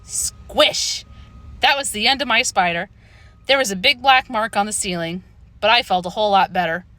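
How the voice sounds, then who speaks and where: Expressive female narrator, bright and lively, dry close sound, children's book reading. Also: medium pitch, a little fast, no room sound. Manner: expressive, storytelling. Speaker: audiobook narrator.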